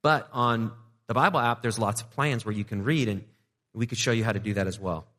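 A man's voice: lowish voice, fairly quick, fairly bright tone. A man preaching a sermon as pastor in a loose, conversational way with playful asides. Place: church sanctuary. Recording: reverberant church hall.

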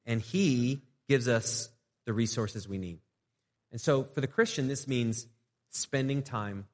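A male pastor preaching in a relaxed, conversational way, stumbling and restarting now and then and acting out little prayers to show how it's done. His voice sits in a middle register and carries a long reverb off the church walls. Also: mid-range voice. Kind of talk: sermon.

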